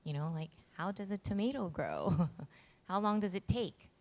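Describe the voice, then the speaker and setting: A woman's voice: medium pitch, lively intonation, moderate pace, a little mellow. A woman farmer speaking casually and a little hesitantly on a panel. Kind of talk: panel talk.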